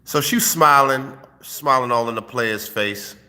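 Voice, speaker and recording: A man's voice: medium pitch, a little slow, sharp tone, big-room sound. A man, host of his own channel, giving streetwise dating advice in a casual, profane vlog monologue into a phone. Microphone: phone held while filming.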